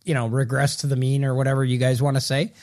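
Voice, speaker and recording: A hockey writer co-hosts a podcast in casual chat, his medium-pitched voice quick, flat, and a little mellow. He talks loosely and rambles, often restarting and correcting himself.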